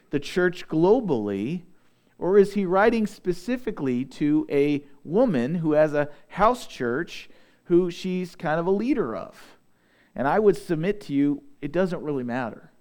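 Earnest preaching man, higher voice. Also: darkish tone, smooth. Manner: earnest preaching, slowing for emphasis on scripture. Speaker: pastor. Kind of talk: sermon.

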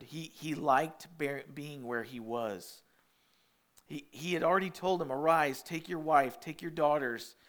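A man's voice: medium pitch, a bit bright. Man preaching a conversational sermon. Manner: conversational preaching with acted-out quotes and repeated restarts; anecdotes about parenting toddlers. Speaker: pastor.

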